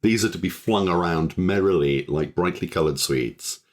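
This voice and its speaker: A man's voice: deep voice, moderate pace. A man co-hosting a tabletop game podcast, speaking in a wry, witty and articulate way. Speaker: podcast co-host. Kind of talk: casual chat about tabletop games.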